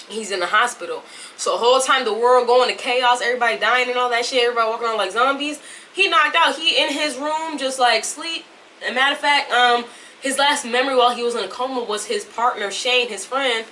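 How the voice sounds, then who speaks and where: Her voice is fairly high, pushed and bright, as this young vlogger chats casually and at length to the camera while faking a Southern US drawl. The home recording uses a camera mic placed at a distance and carries faint room noise.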